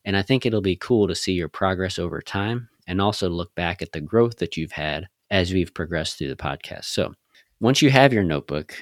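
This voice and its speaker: A man's voice: sits low, animated, moderate pace, no room sound, studio quality. A man co-hosting a faith podcast, earnestly coaching listeners through step-by-step challenges. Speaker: podcast co-host. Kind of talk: faith-based podcast teaching.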